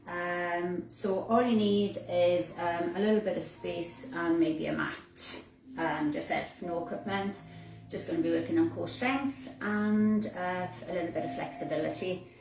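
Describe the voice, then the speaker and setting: A woman leading a home Pilates class, calmly talking through breaths and moves with gentle fillers, in a room in a house. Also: on the low side. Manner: calm, slow cueing of breaths with fillers. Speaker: fitness instructor. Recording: roomy, distant mic with faint noise.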